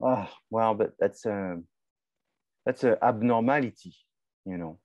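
A man's voice: on the low side, measured pace, dry recording, lo-fi sound. A male marketing professor giving a conversational class lecture, asking and answering his own questions.

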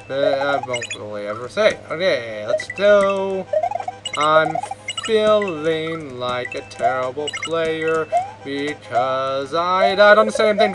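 Guy doing sarcastic rambly let's play commentary, slightly high voice, game music going. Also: low-quality recording. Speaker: gameplay commentator.

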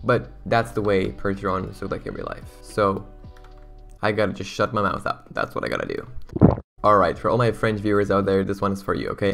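Gravelly young man gushing over a game. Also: fairly low pitch, fairly quick, faint music behind. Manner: excitable, slangy, rambling. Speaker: gaming YouTuber. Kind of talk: casual gameplay commentary.

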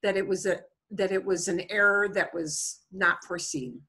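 Middle-aged woman teacher, bright husky voice, chatty explainer for an online class. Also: mid-range voice, fairly even intonation, normal speed. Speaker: Spanish teacher.

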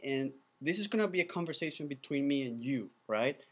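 A man who is not a native English speaker, pitching his video course in an enthusiastic, chatty way, often restarting his words. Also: expressive, a little fast, breathy edge. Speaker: animated video producer teaching a course. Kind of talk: casual course pitch to camera.

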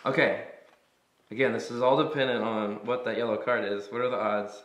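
A man co-hosting a casual board game playthrough, thinking out loud and getting excited over moves. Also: mid-range voice, a little fast, roomy sound. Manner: thinks aloud, easily excited. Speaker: co-host.

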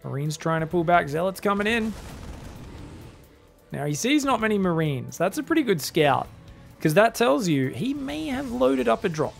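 A man's voice: high voice, big pitch swings, moderate pace, vocal fry, faint music behind. A man with an Australian accent doing solo esports commentary, chatty and joking with teasing asides. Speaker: esports caster.

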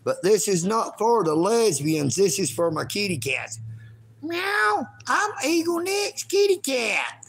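A man in his fifties hosting a rambling live stream, talking slowly while smoking and breaking into shouts. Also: high-pitched, creaky, breathy edge. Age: 50s. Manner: slow, drawn-out, breaks into shouting. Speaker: livestream host.

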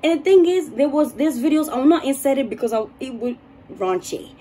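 A young woman vlogger telling a story in a casual, animated and dramatic way. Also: sits high, brisk, background noise.

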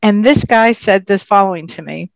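An animated woman of medium pitch tells her story in a casual interview as a psychic medium guest. She leans hard on key words. The sound is close and dry, with no room echo. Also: normal speed, gravelly.

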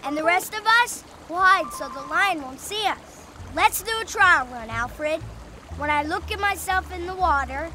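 An actress voicing an earnest young cartoon character who plans and gives directions in a bossy way. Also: female voice, very high-pitched, noisy background, full character voice.

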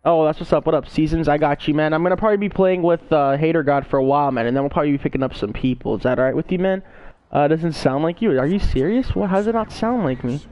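A man's voice: fairly high pitch, fast, a little mellow, clean tone, highs cut off. A young man live-streaming a game, casually greeting his viewers by name over a gaming headset.

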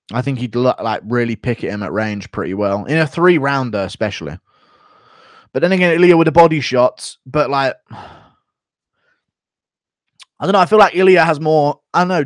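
A man's voice: medium pitch, no room sound, clean studio sound. A man streaming, reading donations and chatting with sarcastic, casually profane remarks. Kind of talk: casual livestream chat.

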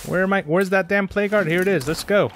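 A man's voice: high-pitched, quick pace, a little hiss or hum. A man hosting a gaming channel, giving casual commentary as he plays and talking himself through each step, often repeating his words. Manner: talks to himself while playing, repeats phrases. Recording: game music and engine sounds behind. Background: game music and vehicle sounds.

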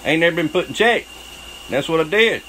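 A man's voice: on the high side, animated, fairly quick, sharp tone, a little hiss or hum, poor audio. A man with a Southern US accent telling a crude, boastful story, swearing constantly and breaking into laughter. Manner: profane, boastful, laughs often. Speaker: channel host telling a story.

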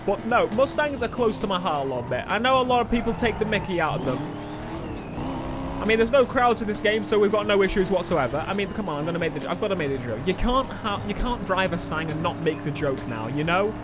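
Excitable high-voiced gamer. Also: male voice, quick pace. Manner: excitable, shouts and laughs at the race. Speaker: gaming YouTuber. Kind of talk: let's play commentary. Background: game music and engine sounds.

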